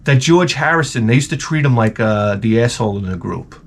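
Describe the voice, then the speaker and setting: A man with a medium-pitched, gravelly voice hosts a casual YouTube vlog while sick with the flu. He talks briskly, rambling and swearing through animated stories.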